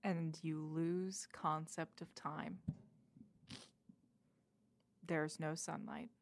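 Calm, low-voiced woman game master. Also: very slow, gravelly. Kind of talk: narrating a tabletop game.

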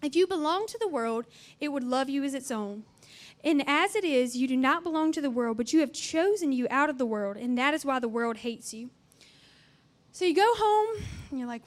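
Young woman, high bright voice, chatty and earnest youth speaker who jokes between her points. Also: expressive, moderate pace. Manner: chatty and earnest, with playful asides and acted-out dialogue. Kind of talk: conversational youth sermon.

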